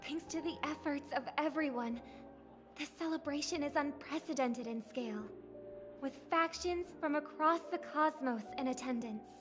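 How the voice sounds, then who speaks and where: An actress voicing a formal, gracious female host of a grand festival, giving a measured ceremonial welcome in a video game. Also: high voice, over music, close to an everyday voice. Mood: ceremonious. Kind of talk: game voice acting.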